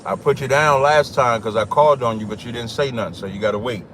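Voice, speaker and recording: A man's voice: mid-range voice, fast talker, a bit bright, slight background noise. A man hosting a call-in livestream, reading scripture aloud and talking over interrupting callers. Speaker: livestream host.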